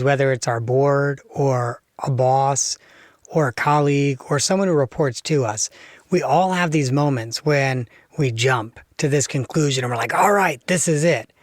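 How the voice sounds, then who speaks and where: Man, podcast host, mid pitch, dry close sound, quick interjections. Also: no echo. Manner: quick, apologetic interjections, then reflective questions.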